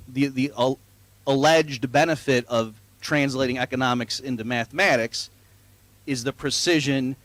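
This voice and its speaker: Guy doing a conference keynote, jokey and self-mocking, mid pitch, dry close sound. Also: fairly bright tone, dry recording. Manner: joking, self-deprecating, chatty with frequent fillers. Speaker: keynote speaker at an economics conference. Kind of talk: live conference lecture. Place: conference venue before an audience.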